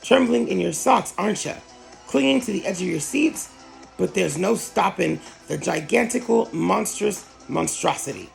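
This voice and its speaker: A reader putting on a bouncy, boastful tiger character who tells the story loudly and dramatically in a storybook reading. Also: mid-range voice, animated, moderate pace, creaky, soft background music, poor audio. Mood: boisterous. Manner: loud, theatrical, dramatic.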